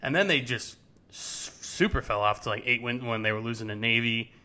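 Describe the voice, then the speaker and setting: A man's voice: mid-range voice, fairly quick, pushed and bright. A young man co-hosting a sports podcast, chatting casually and rambling with many restarts. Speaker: podcast co-host.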